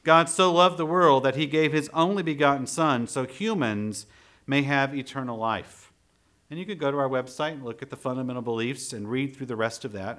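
A man delivering a sermon at a mid pitch. He speaks in a steady, measured way, leaning on key words and reading scripture passages aloud. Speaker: preacher.

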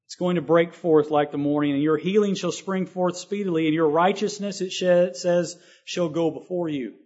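A man's voice: sits high, darkish tone. A man preaching a sermon, reading scripture and expounding it earnestly, with emphatic swells on key lines. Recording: dull lo-fi recording.

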